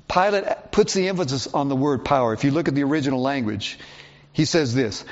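A man's voice: mid-range voice, fairly quick. A man preaching a sermon as a pastor, teaching through Bible passages and reading verses aloud. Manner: expository Bible teaching, reads scripture aloud. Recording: dull lo-fi sound.

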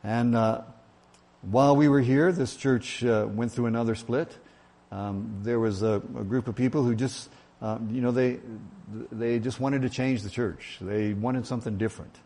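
A man's voice: mid-range voice, fairly even intonation, normal speed, dark tone. A man preaching as a pastor in a church, telling an old joke in a folksy, self-deprecating way with many fillers. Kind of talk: sermon with a told joke.

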